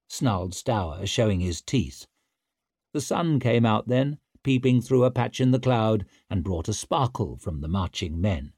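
A man narrating an audiobook in a steady, measured storytelling voice. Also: on the low side, slightly rough, dry recording, studio quality.

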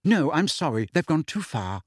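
A man voicing an indignant teenage schoolgirl, sharp and scolding, in an audiobook. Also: on the high side, very animated, moderate pace, dry recording, clean studio sound, voice pushed up. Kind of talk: audiobook character voice.

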